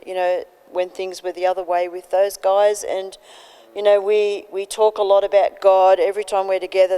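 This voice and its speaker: Mellow woman in a big reverberant hall. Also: on the low side, clean tone. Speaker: guest church leader. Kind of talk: casual interview talk.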